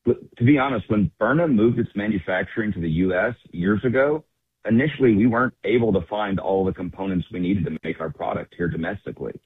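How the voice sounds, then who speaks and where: A man who runs a company, a guest on a radio show, speaking in a measured, businesslike way. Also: on the low side, husky, no room sound. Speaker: company chief executive, guest. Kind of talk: phone interview on talk radio. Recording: tinny phone line.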